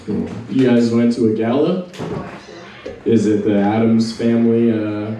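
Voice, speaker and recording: A man doing a stand-up set, telling a relaxed story to a small crowd. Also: lowish voice, moderate pace. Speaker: stand-up comedian. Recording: echoey room, distant mic.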